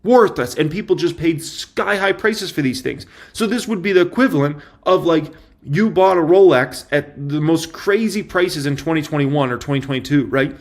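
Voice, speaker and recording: A man giving casual stock market commentary in an emphatic, excitable way, repeating his points for effect. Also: on the high side, normal speed.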